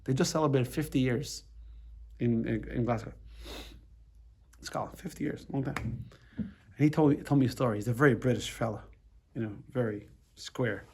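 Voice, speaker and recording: A man's voice: mid-range voice, moderate pace, pauses often, a little mellow, slightly rough. A middle-aged American rabbi teaching a casual class, talking loosely, restarting his sentences and checking in with the room. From United States. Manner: conversational, repeats words and restarts, asks the room "right?".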